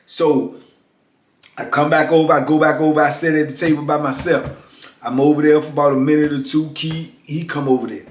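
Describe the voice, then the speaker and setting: A man's voice: on the high side, fairly even intonation, fairly quick, slight background noise. A middle-aged man, a former prisoner, telling a story in a blunt, streetwise, casual way. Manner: blunt, streetwise, repeats "you know what I'm saying". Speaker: former prisoner and motivational speaker. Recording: echoey room.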